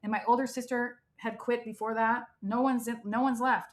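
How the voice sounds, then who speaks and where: A middle-aged woman from the United States telling her life story as a guest in an interview, animated and emphatic, acting out what people said. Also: fairly high pitch, normal speed. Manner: animated, emphatic, frequent "like" and quoted dialogue.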